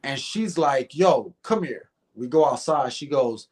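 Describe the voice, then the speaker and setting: A middle-aged man telling a story in a casual interview, animated and acting out the dialogue, often repeating words. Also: mid-range voice, unhurried. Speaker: guest comedian.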